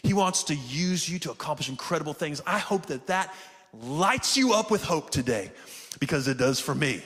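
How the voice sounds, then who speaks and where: A pastor with a slightly high, somewhat bright voice preaches with animated fervor at a moderate pace. The hall echoes as he calls out to the congregation, often working in the word "man."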